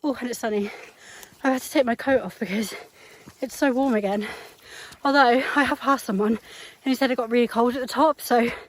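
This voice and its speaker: A young British woman talks into her phone while climbing a windy hill trail, panting between sentences. Her voice sits on the higher side, with a light hiss of wind behind it. She chats in a casual, self-mocking way. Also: fairly quick. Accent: British English. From Britain. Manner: chatty, breathless, self-mocking. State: out of breath. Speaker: hiking vlogger. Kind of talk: casual vlog narration while hiking.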